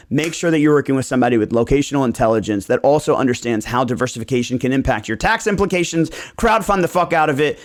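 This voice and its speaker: Man, podcast host; animated, profane storyteller who mimics clients. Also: medium pitch. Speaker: real estate agent and podcast host. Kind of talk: casual podcast chat.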